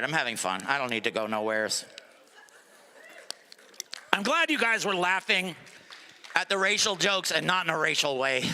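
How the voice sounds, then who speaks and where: Guy doing standup, loose jokey crowd banter, really animated up-and-down voice. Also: a little high. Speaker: stand-up comedian. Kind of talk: stand-up comedy set. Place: comedy club stage before a live audience.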